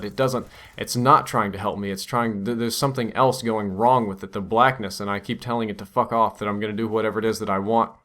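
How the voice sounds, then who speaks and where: A man's voice: fairly low pitch, pushed and bright. A young man telling a strange dream over gameplay as a channel host, musing and wondering aloud.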